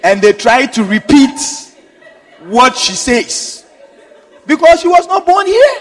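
A man preaches a sermon in a slow, deliberate way, stretching his phrases for emphasis. His voice sits strikingly high and swings widely in pitch. He breaks into chuckles along the way. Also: sing-song, long reverb tail. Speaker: pastor.

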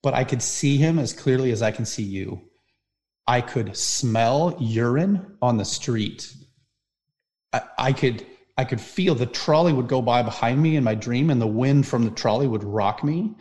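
A man, a podcast guest, telling a personal story in conversation, intense and vivid, swinging between loud bursts and hushed passages. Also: medium pitch, measured pace.

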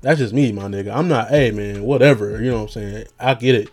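A man's voice: fairly low pitch, fast talker, a little mellow, soft background music. A young man rambling casually as a podcast host, loose and slangy with lots of fillers and jokes.

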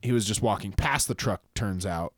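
A man's voice: lowish voice, moderate pace, no room sound, clean studio sound. A man co-hosting a casual chat, telling rambling stories, trailing off and laughing often. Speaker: podcast co-host.

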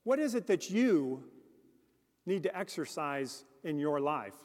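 A man's voice: on the high side, sing-song, takes it slowly, a little mellow. A man preaching a sermon as a deacon, earnest and speaking directly to the congregation with questions. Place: church. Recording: long church reverb.

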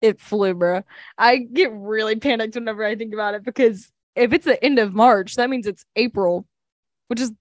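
A woman's voice: on the high side, moderate pace, no echo. A young woman co-hosting a podcast in casual chat, rambling with lots of fillers. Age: young adult. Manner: chatty, fillers, laughs often. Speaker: podcast co-host.

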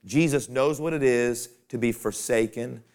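A man's voice: mid-range voice, measured pace, darkish tone, clear, resonant tone. A man preaching a sermon to fellow pastors in a folksy, conversational way that climbs to emphatic peaks.

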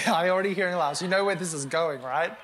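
A man's voice: sits high, brisk, fairly bright tone, a little hiss or hum. A man preaching a sermon in a conversational, earnest way, with joking asides to the congregation.

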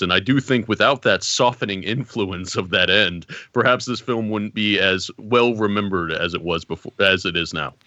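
A man co-hosting a podcast, giving a measured, articulate take on a film. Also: fairly low pitch, bright, forceful tone, no room sound, dull audio. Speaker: podcast co-host. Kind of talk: casual film discussion.

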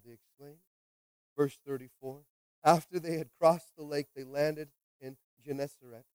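A man preaching a sermon as pastor, repeating short phrases and calling for responses, swinging from quiet reading to loud exhortation. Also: fairly high pitch, steady tone, a little slow, clean tone, no echo. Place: church sanctuary.

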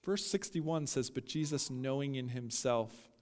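A male pastor preaching a sermon, emphatic and building to loud peaks as he talks straight to his listeners. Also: mid-range voice, measured pace, big-room sound.

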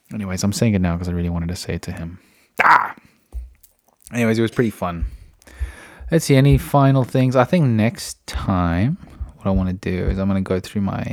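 Low-voiced man rambling casually. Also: dark tone. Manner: rambling, chatty, with frequent "you know" and restarts. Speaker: podcast host. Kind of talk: casual solo monologue. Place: indoors at home.

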